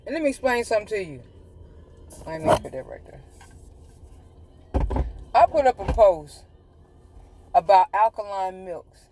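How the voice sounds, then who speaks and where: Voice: medium pitch, dark tone. Profane, ranting livestream host. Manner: profane, mocking, exasperated ranting; drawn-out, emphatic repetition. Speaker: livestream host giving health advice. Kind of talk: casual ranting livestream talk. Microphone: phone mic on a social media live stream.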